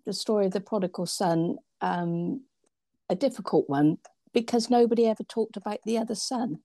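Woman, mellow gravelly voice with a dry sound. Hesitant and earnest, on a tablet call. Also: mid-range voice, normal speed, dry recording. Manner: hesitant, lots of ums, warm and earnest. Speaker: church member sharing reflections. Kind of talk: casual reflective chat. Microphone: tablet on video call.

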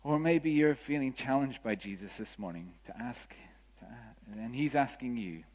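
A man's voice: medium pitch, moderate pace. Man preaching in a reverberant church. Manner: storytelling, animated quoting of others. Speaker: vicar. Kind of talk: sermon. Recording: church hall with long reverb.

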